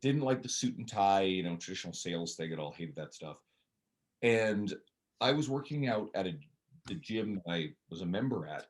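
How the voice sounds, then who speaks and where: A man's voice: sits low, lively intonation, normal speed. A man in his forties with a Canadian accent, talking bluntly and animatedly as a guest in a casual podcast conversation. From Newfoundland, Canada. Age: 40s. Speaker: podcast guest, personal trainer.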